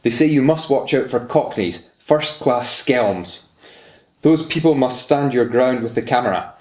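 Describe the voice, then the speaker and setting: Bossy older aunties, as a man reads them out, raised pitch, echoey room. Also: a little slow, a little mellow, natural voice. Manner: bossy, advice-giving. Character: fussy older Cape Town aunties giving advice. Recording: roomy echo.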